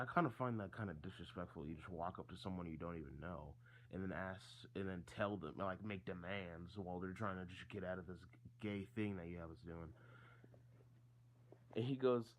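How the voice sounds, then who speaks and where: A man's voice: lowish voice, moderate pace. A teenage boy telling a story from school in a casual, rambling way, full of fillers and restarts. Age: teens.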